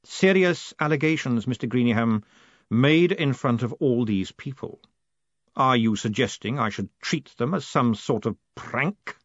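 A man voicing a cold, commanding male city ruler who speaks in a measured, precise, quietly menacing way. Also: medium pitch, dry recording, muffled recording. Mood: cold calm.

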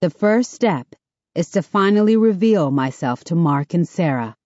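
A woman narrating a first-person audiobook in a steady, measured way. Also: lowish voice, dry recording. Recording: dull, dry studio recording.

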